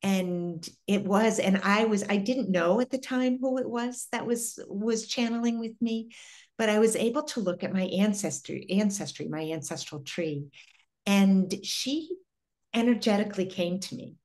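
A middle-aged woman speaking as an interview guest, telling a personal story in an earnest, reflective way with pauses and restarts. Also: medium pitch, darkish tone.

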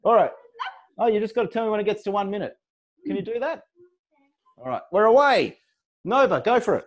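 Energetic man hosting a live game. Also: high voice, brisk, muffled recording. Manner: energetic, laughing, counting down aloud. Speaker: livestream host.

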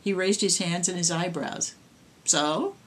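A woman, the author, reading her own horror story aloud in a measured storytelling way. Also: on the low side.

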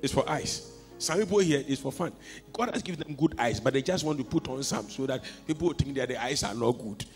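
A man preaching a sermon as a pastor, telling stories and swinging from quiet asides to shouts. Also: medium pitch, expressive, brisk. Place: church hall. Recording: long hall reverb with faint music.

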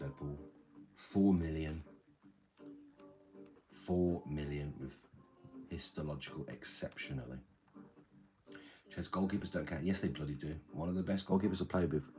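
A man with a very deep, low voice hosts a casual livestream. He rambles and swears freely as he answers chat, with faint music playing behind him. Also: a little mellow. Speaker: livestream host reading chat.

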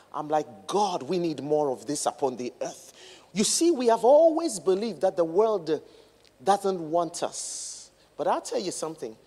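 A woman's voice: deep voice, mellow, husky. A woman reverend preaching a sermon with emphatic, repetitive phrases that build in cadence. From England. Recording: long reverb of a large hall.

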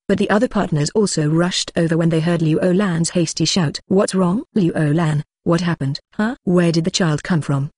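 Flat, dry audiobook narrator. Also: medium pitch, no echo. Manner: flat, even reading that voices punctuation aloud. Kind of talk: scripted narration of a translated novel.

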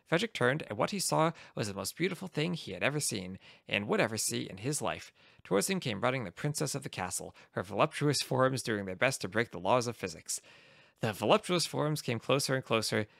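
A man reading a comic fantasy story aloud in a wry, deadpan narrating manner. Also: mid-range voice, creaky, no echo, clean studio sound. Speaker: reader of fantasy game lore.

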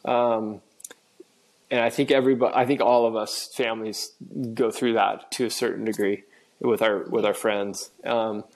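A man from Washington state, a guest on a podcast, talking in an earnest, reflective way and often pausing to find his words over a remote recording setup. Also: on the low side, little pitch movement, a little mellow. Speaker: podcast guest, father of an autistic son. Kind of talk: conversational interview.

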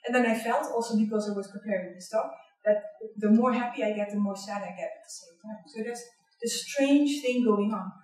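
A middle-aged woman with a Dutch accent, giving a candid, personal university lecture in a large hall, often pausing on "um" and checking in with "right?". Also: a little high, expressive, darkish tone. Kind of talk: public lecture. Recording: echoey hall, distant mic.

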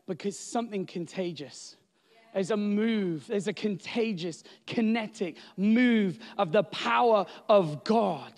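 A man preaching a sermon as pastor, animated and building to loud, emphatic exclamations. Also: sits high, no echo.

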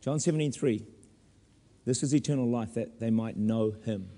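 A man preaching a sermon as pastor in a church, animated with humorous asides. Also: medium pitch, normal speed, big-room sound.

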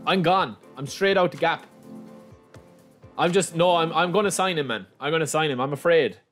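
A young man giving chatty, excitable gameplay commentary, calling his viewers lads. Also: fairly high pitch, moderate pace, soft background music. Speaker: gaming YouTuber.

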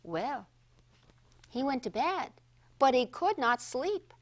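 A woman tells a Bible story to children in a high, bright voice. She takes her time, dropping to whispers and then rising to loud exclamations. She speaks straight to the kids as she goes. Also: very animated, slow. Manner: addresses kids directly.

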